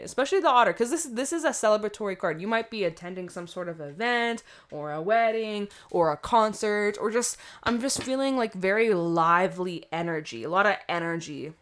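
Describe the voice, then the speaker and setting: A woman's voice: fairly low pitch, a bit bright. A woman giving a casual tarot reading to camera, chatty and rambling, often laughing at herself. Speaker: tarot reader.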